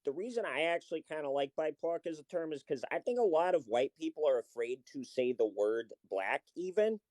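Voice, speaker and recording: A young man speaks his mind in a casual live call. His voice sits on the higher side for a man, and the sound is dry and close. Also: animated, fairly quick, darkish tone, no room sound. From Boston. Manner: opinionated, lots of "like" fillers. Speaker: live stream guest. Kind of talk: casual chat.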